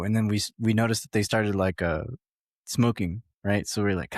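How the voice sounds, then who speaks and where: A man's voice: on the low side, a little fast, dry recording, clean studio sound. A man on a podcast telling a rambling, profane story in casual talk, full of fillers.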